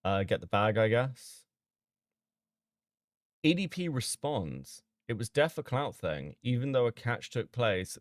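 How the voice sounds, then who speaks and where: A man streaming casually as he reads out chat logs and reacts with sudden loud disbelief and swearing. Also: on the low side, no echo, studio quality.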